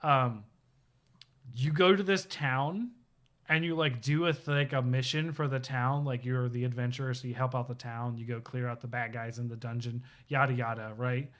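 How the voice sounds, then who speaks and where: A mid-range male voice at normal speed belongs to a podcast co-host on a live stream, telling a video game story in casual chat. He's an animated storyteller who acts out quotes and fills his talk with fillers.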